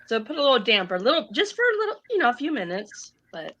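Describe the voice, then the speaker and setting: A woman guest in a casual live chat, telling a story in a relaxed, chatty way. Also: fairly high pitch, quick pace. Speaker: guest crochet creator.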